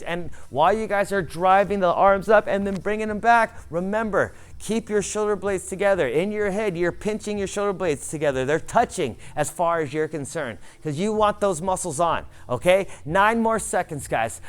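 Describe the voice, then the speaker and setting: High, smooth-voiced male fitness coach. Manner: upbeat motivational cueing, counting down reps. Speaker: fitness instructor. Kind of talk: coaching a workout class.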